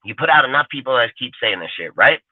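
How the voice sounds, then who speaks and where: A man's voice: medium pitch, lively intonation, fast, no echo. A man hosting a sports talk show, ranting in a profane, fired-up way about his team. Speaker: podcast host. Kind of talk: casual sports rant. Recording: dry, phone-like lo-fi audio.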